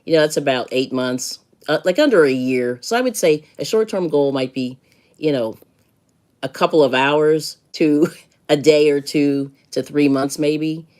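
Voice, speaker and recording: Chatty woman streamer, low voice. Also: unhurried, a little mellow. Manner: chatty, advice-giving, laughs often. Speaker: livestream host. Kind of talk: casual live chat with viewers.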